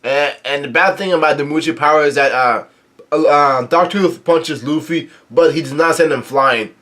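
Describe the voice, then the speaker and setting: A young man casually recapping a comic chapter, halting often and correcting himself as he goes. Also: on the high side, a bit bright. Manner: halting, many restarts and self-corrections. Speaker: manga reader and recapper.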